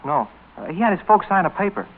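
A man's voice: high-pitched, quick pace, natural voice. A man playing an earnest teenage son who speaks hesitantly and politely, in 1940s radio acting. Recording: tinny old radio broadcast, faint hiss.

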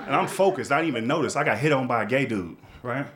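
A man in his thirties doing a stand-up comedy set, telling stories in a loose, conversational way with big animated swings. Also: mid-range voice, fast. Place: comedy club stage with live audience. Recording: live set with loud crowd laughter.

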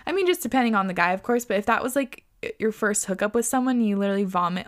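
A young woman with a fairly high voice hosts a casual podcast, reading listener stories aloud. She reacts with loud exclamations, frequent laughter and free swearing, talking loosely and chattily. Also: lively intonation, fairly quick.

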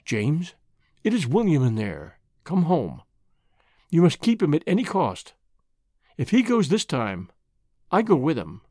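A man voicing a devoted mother who speaks softly and gently, pleading and tender. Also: a little high, wildly swooping pitch, measured pace, long pauses, dry recording, studio quality, full character voice.

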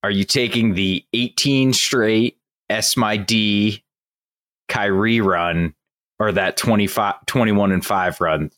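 A man's voice: fairly low pitch, slow pace, fairly bright tone, no room sound. A man co-hosting a sports podcast in casual chat, posing questions and weighing both sides. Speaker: podcast co-host.

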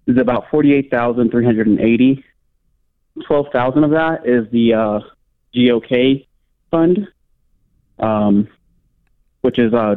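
A man calling in to a radio show, talking in a halting way with many fillers. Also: medium pitch, clear, resonant tone. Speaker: caller. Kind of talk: call-in question on radio. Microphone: phone line. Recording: tinny phone line.

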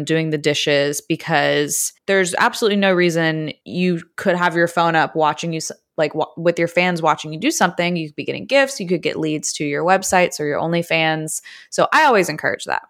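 A woman casually telling a story to her viewers, chatty and laughing often, with sudden jumps in pitch. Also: moderate pace, few pauses, fairly bright tone, no room sound, clean studio sound. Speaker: adult content creator vlogger.

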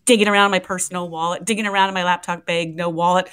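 A woman's voice: on the low side, fast, smooth, poor audio. A middle-aged woman, a radio co-host, telling a story with lots of laughter and acted-out voices. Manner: lively, laughing, acts out voices in her story. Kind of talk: animated storytelling on morning radio.

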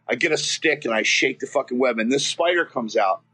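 A man's voice: medium pitch, fairly quick, pushed and bright, breathy edge. A man from Florida telling a childhood story as a guest, rambling and swearing, with many restarts. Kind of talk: casual storytelling.

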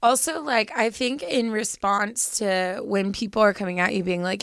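A woman's voice: medium pitch, expressive, normal speed, a bit bright, clear, resonant tone, dry recording, studio quality. A young woman co-hosting an advice podcast in casual, chatty talk, leaning heavily on "like". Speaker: podcast co-host.

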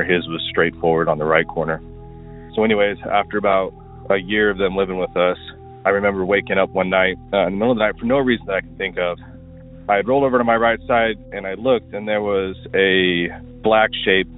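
A man from Washington State calling in to tell a rambling story, full of fillers, as a recorded voicemail. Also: low voice. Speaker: caller. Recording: tinny phone line.

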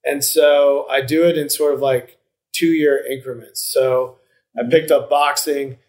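A man muses his way through a casual podcast conversation, circling back and restarting sentences as he hunts for his point. His voice sits at an ordinary, middle pitch. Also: fairly even intonation, unhurried, a little mellow. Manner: reflective, rambling with many restarts and fillers. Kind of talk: casual chat.

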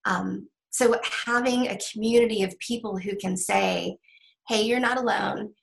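A middle-aged woman author in a candid interview, talking haltingly with many restarts and ums. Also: mid-range voice, fairly even intonation, gravelly, slight background noise, low-quality recording. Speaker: author guest.

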